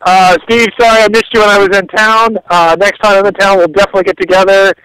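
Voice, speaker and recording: A man's voice: sits high, little pitch movement, fast talker, sharp tone, smooth, dry recording. A man calling in to a talk show from a phone line, rambling and poking fun at himself. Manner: rambling, self-deprecating. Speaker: regular phone caller. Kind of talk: casual chat over the phone.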